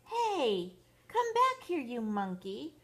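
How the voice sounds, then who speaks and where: Grandma reads a gutsy toddler ringleader, bright and bouncy, slow-read storybook. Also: female voice, a little high, exaggerated voice. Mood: urgent. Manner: excited, determined, yelling. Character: bold baby boy leader.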